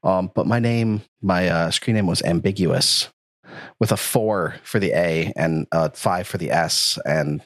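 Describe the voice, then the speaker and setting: A man's voice: low-pitched, a little slow, no echo, studio quality. A man hosting a podcast, joking around in casual banter and laughing often. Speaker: podcast host.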